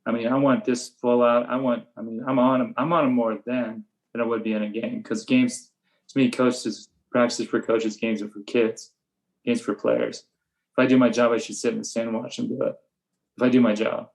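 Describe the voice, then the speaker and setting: An older man and veteran baseball coach talks through his practice methods in a relaxed interview, matter-of-fact, and now and then he acts out the blunt lines he says to his players. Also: mid-range voice, moderate pace, gravelly, poor audio. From USA. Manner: flat, matter-of-fact storytelling, acting out his own sharp coaching lines. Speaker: high school baseball coach.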